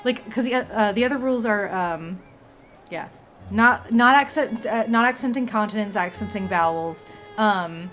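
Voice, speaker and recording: A woman's voice: mid-range voice, normal speed, fairly bright tone, soft background music. A woman chatting casually on a livestream, rambling along with many fillers and restarts. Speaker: streamer.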